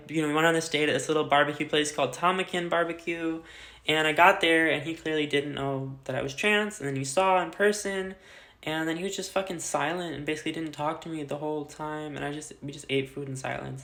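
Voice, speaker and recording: A woman's voice: low-pitched, a bit bright. A young adult woman telling a casual storytime vlog, chatty and full of fillers, swearing freely. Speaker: vlogger. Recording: roomy echo.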